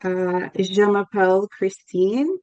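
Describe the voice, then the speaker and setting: A woman's voice: medium pitch, slow, warm tone, no room sound, dull audio. A woman student hesitantly practicing a short self-introduction in a language class over a video call. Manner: hesitant, unsure of pronunciation.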